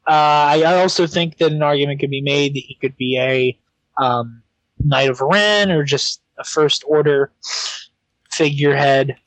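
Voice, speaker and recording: Hesitant young man, slightly high voice. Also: a little slow, fairly bright tone, dry recording, poor audio. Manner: hesitant, many ums and restarts, enthusiastic. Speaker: podcast co-host. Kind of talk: casual chat.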